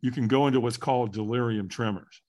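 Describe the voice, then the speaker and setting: A man's voice: mid-range voice, fast talker, warm tone. Earnest older man telling his story. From California. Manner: earnest, candid, voices his past self's thoughts. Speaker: interview guest. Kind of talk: personal storytelling interview.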